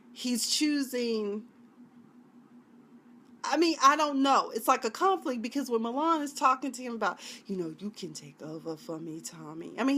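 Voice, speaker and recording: A woman's voice: on the high side, a bit bright. A woman reviewing a TV drama in a chatty, dramatic way, now and then acting out the scenes in put-on voices. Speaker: TV show reviewer. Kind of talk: casual video review.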